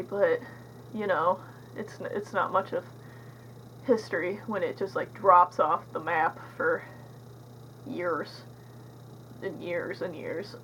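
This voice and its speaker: A woman's voice: mid-range voice, slight background noise, rough recording. Rambling, sarcastic young woman reviewer. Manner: rambling, sarcastic, heavy on fillers. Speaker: movie reviewer. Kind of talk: casual movie review.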